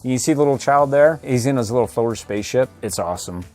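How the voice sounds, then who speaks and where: Playful man reviewing toys, lively voice. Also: medium pitch, fast, soft background music. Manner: playful, laughs often, ad-libs silly voices. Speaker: toy reviewer. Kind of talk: casual toy review vlog.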